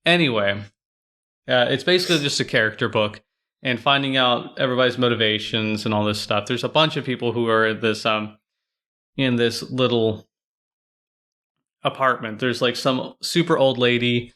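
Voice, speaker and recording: Guy on a library book podcast, bright voice, rambly, lots of um and like. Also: mid-range voice, normal speed. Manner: rambling, filler-heavy retelling. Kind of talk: casual book chat.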